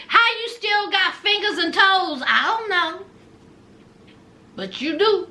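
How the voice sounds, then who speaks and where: A sassy woman with a very high, lively voice dishes gossip about a reality show. She talks slowly and dramatically, and her tone is bright and sharp. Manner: sassy, dramatic, calls viewers honey and y'all. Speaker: reality TV recap vlogger. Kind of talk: gossipy recap commentary.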